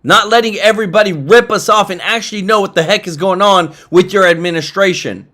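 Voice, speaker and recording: A man hosting an excited political commentary vlog, hyping up the news and talking straight to his viewers. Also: high-pitched, a little fast. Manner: hyped, keeps addressing viewers as guys.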